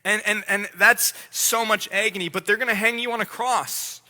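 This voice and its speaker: God the Father speaks urgently and tenderly to his son, voiced by a man in a sermon, repeating his words as he presses on. The voice sits high and very bright. A long hall reverb trails every phrase. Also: steady tone, normal speed. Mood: grave. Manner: intense, pleading, repeats words. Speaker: pastor. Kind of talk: dramatic sermon role-play. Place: church sanctuary.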